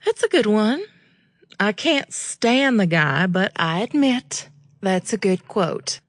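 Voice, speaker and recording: A woman reading an audiobook, voicing its witty, bookish young heroine in a brighter, raised voice. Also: mid-range voice, lively intonation, slow, no room sound, clean studio sound, pitched above the performer's own voice. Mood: playful.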